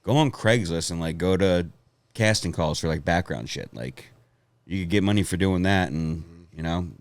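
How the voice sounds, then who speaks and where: This deep-voiced man speaks at a normal speed in a dry recording. He's a comedian guest on a laid-back podcast, telling meandering, foul-mouthed stories and laughing frequently as he goes.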